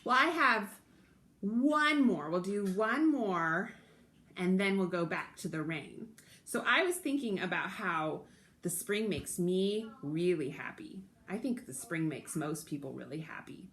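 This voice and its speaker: Gentle sing-song storytime woman. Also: on the low side, expressive, unhurried. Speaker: children's storytime host. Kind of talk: leading a children's sing-along. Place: at home. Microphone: recording alone to camera.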